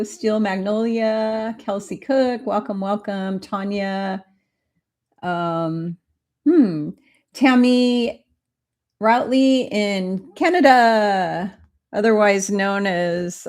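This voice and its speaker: Casting: woman, live-stream host, chatty, unhurried delivery, stretches out greetings. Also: medium pitch. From Minnesota. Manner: chatty, drawn-out greetings, frequent ums. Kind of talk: casual live Q&A, reading out viewer greetings.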